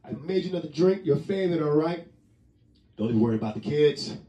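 A man voicing a smooth-talking, flirty husband who coaxes and reassures his wife playfully. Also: on the high side, expressive, quick pace, mellow, highs cut off, lightly acted. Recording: roomy sound from a distant mic.

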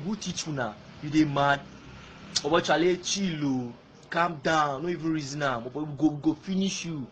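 A man's voice: on the high side, slight background noise. Angry Nigerian man ranting. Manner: angry, insulting, repetitive, switching between Pidgin and English. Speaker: fan. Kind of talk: ranting video message.

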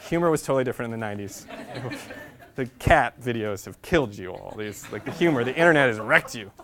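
With a quick pace, mid-range voice and lively intonation, a man in his thirties tells funny, self-deprecating personal stories to a university class as a guest speaker. He's talkative and uses "like" as a frequent filler.

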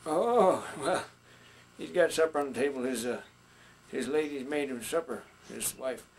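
A man's voice: mid-range voice, a little slow. A man voicing a folksy older male puppet who chats with the audience and trails off into fillers as he teaches stage entrances. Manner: folksy, chatty, with hesitant fillers. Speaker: puppetry instructor. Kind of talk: puppet instruction skit.

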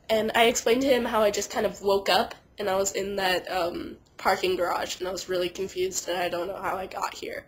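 A young woman with a stuffy nose from being sick, chatting casually to camera and telling a story in a rambling, animated way. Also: mid-range voice, a little fast, rough recording. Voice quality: nasal. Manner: chatty, animated, lots of "like", funny voices for quoted people. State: sick and congested. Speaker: vlogger.

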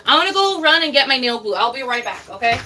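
A young woman chatting casually while she cooks for her vlog, loud, profane and dramatic, swinging between high outbursts and low mutters. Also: big pitch swings, fast talker, a little hiss or hum. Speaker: vlogger. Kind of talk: casual cooking vlog chat.

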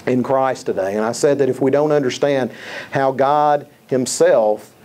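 A man's voice: medium pitch, moderate pace, a little mellow. A male pastor preaching a sermon, emphatic, repeating key phrases and quoting scripture.

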